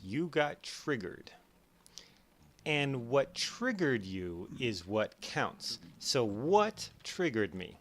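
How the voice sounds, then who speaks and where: Slow, animated man explaining over gameplay. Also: medium pitch, slight background noise. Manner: animated, acts out his own inner voices. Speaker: educational YouTuber.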